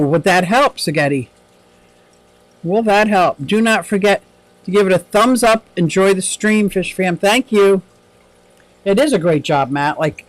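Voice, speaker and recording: A man with a high-pitched voice talks casually on a livestream. He rambles from topic to topic, reads out viewer comments and laughs easily. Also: dry recording, rough recording. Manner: chatty and rambling, laughs often. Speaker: aquarium livestream host.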